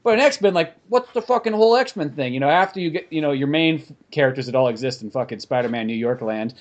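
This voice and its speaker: A man's voice: on the high side, fast, muffled recording. A man hosting a podcast in casual chat, rambling and swearing freely as he talks. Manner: animated, profane, rambling. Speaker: podcast host.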